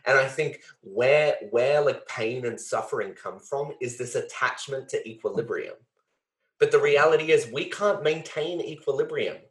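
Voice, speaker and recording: A podcast host speaks in a mid-range male voice at normal speed with a fairly bright tone. He thinks aloud earnestly and with feeling in a reflective conversation, using many fillers and the occasional swear word. The recording has a roomy echo.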